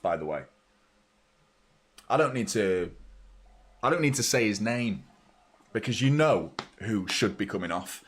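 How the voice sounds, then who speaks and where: Male fan-channel host, mid-pitched, blunt and sweary, live match commentary. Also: husky. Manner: blunt, sweary fan chatter mixed with play-by-play.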